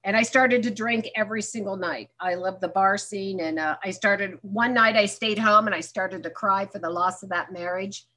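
With a medium-pitched, pushed and bright voice, a woman shares her story frankly at a recovery meeting. She moves at a moderate pace with few pauses, acting out remembered exchanges with self-deprecating humor.

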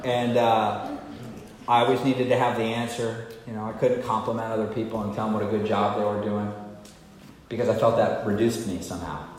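A man's voice: fairly low pitch, level tone, fairly quick. A man speaking candidly at a recovery meeting, telling his own story in a confessional, self-mocking way. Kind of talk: personal recovery story talk. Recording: echoey hall with faint noise.

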